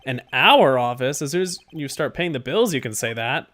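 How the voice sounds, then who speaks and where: A woman's voice: a bass voice, lively intonation, normal speed, a bit bright. A woman voicing a young male defense lawyer, dry and exasperated, reading game dialogue aloud.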